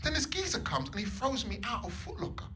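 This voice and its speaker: A man performing stand-up comedy in a comedy club, animated, swinging between loud bursts and low mutters. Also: brisk. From England. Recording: live club set with audience noise. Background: audience laughter.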